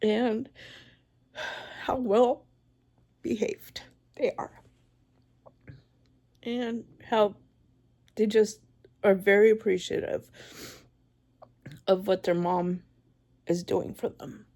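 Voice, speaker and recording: A woman in her forties giving a tearful, halting vlog, crying as she talks. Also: medium pitch, level tone, mellow. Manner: tearful, halting, with many pauses and restarts. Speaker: vlogger. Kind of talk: emotional personal vlog.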